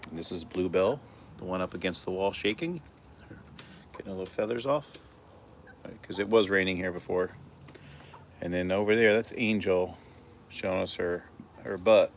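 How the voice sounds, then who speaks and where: Very low-voiced man, relaxed backyard vlog. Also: moderate pace, long pauses, a little hiss or hum. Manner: relaxed, rambling, chatty with his hens. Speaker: backyard chicken keeper, vlogger. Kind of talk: casual walk-and-talk vlog. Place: outdoors in a backyard garden. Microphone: handheld phone camera.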